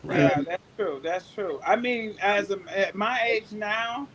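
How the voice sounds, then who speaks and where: A woman's voice: medium pitch, lively intonation, measured pace, a crowd in the background. An older woman, a grandmother, talking brashly and profanely with jokes on a casual panel.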